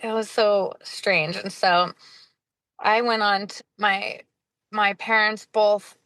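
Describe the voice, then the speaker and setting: A woman's voice: medium pitch, steady tone, slow, a bit bright, no room sound. A woman who hosts a podcast and works as a hospice nurse, chatting casually and laughing often. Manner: chatty, with frequent laughs and fillers. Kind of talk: casual interview chat.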